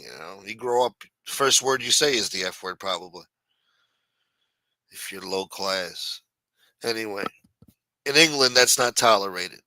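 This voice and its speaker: A brash man runs a loose livestream, full of profanity and mockery. His voice is bright and forceful, and the recording is close and dry. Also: on the low side, dry recording, rough recording. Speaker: livestream host. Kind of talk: casual news commentary on a stream. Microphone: streaming mic.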